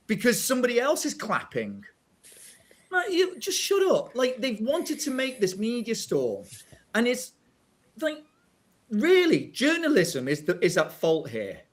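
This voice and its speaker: A man hosting a casual podcast chat, ranting in exasperation and breaking into laughs. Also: high-pitched. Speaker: podcast host.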